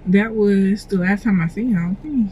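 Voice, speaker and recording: A woman's voice: medium pitch, measured pace, dark tone, slight background noise, low-quality recording. Young woman, casual vlogger, talkative and filler-heavy, recorded in a car. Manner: chatty, filler-heavy, emotional and gushing. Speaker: vlogger and clothing designer. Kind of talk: casual vlog chat. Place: inside a parked car.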